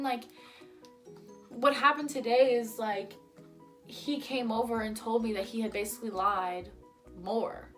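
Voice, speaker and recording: Chatty young woman, slightly high voice. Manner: chatty, heated retelling full of "like". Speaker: vlogger. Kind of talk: storytime vlog.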